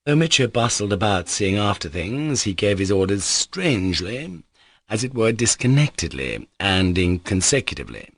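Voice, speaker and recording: A man narrating a classic novel as an audiobook in a steady, measured way. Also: fairly low pitch, no echo. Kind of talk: scripted narration.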